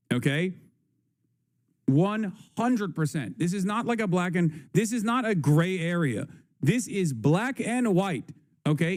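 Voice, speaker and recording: A man's voice: high voice, a little mellow. A man hosting a livestream, talking in an emphatic, profane way and repeating his points. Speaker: livestream host. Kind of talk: casual livestream commentary.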